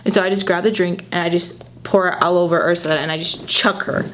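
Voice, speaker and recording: Young female vlogger, animated storytelling to camera, chatty with constant "like"s. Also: fairly low pitch, fast, slight background noise. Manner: animated retelling, full of filler "like"s. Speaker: YouTuber telling a story. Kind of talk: casual storytime vlog.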